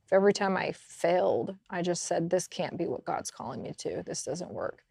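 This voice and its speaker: A woman co-hosting a podcast, telling stories in a lively, casual way and laughing often. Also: on the low side, moderate pace, vocal fry, slightly rough, no room sound, studio quality. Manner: animated storytelling, laughs often. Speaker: podcast co-host. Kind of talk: casual faith chat.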